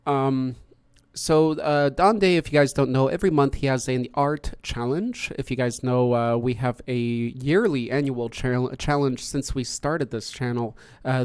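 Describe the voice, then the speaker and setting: A man hosts a podcast over online voice chat, with a smooth, resonant voice recorded dry and close. He talks casually and greets each guest in turn. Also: medium pitch, darkish tone, dry recording. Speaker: podcast host.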